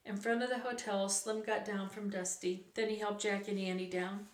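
A woman reading a children's book aloud, unhurried, now and then correcting a slip. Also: mid-range voice, flat delivery. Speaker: reader. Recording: roomy echo.

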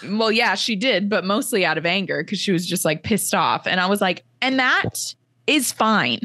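Woman podcast co-host, lower voice, casual retelling that slips into characters' lines, dry close sound. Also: fairly quick, a bit bright, no room sound. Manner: chatty, laughs often, heavy use of "like". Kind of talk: casual chat recapping a book chapter.

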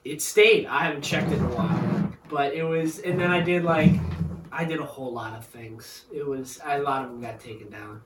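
A young man chatting casually as a podcast co-host, animated and rambling, laughing often. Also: fairly high pitch, moderate pace. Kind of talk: casual chat among friends. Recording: echoey room, distant mic, faint noise.

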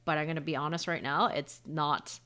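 With a low, steady, smooth voice that's pushed and bright, this married woman talks briskly as a podcast co-host. The conversation is casual, and she shares openly and personally, saying "like" often.

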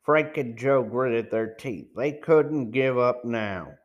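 Male hobby audiobook reader, unhurried and careful, muffled home recording. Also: mid-range voice. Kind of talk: reading a novel aloud.

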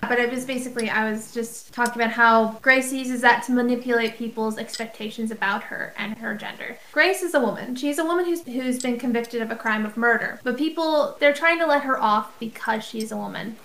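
A woman co-hosting a podcast, talking in a lively, casual way and often saying "basically". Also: a little high, brisk, few pauses, echoey room, a little hiss or hum, low-quality recording. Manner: animated, uses "basically" often. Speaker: podcast co-host. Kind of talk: casual discussion.

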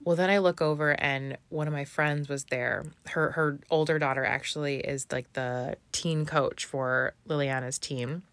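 A woman in her thirties speaks in a low voice, chatting to her viewers about family life. Her talk is heartfelt and loose, full of fillers, trailing thoughts and restarts. The recording is close and dry, with no room sound. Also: fairly even intonation, normal speed, few pauses, a bit bright, no room sound. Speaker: vlogger, mother. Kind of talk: casual personal storytelling.

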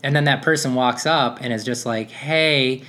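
A man's voice: medium pitch, fairly quick, a bit bright. A man, a podcast host in his thirties, talking about fatherhood in a casual, rambling monologue full of fillers and restarts. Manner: rambling, self-interrupting, with frequent fillers.

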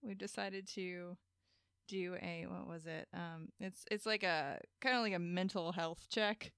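A woman's voice: lowish voice, steady tone, a little slow, gravelly, a bit bright, smooth, dry recording, studio quality. Giggly young woman, casual podcast chat. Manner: giggly, rambling, many fillers. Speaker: podcast host.

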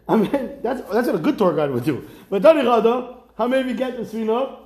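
A man teaching a Talmud class, lively and questioning, mixing Hebrew and Aramaic terms into his English. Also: extremely high pitch, fairly quick, echoey room.

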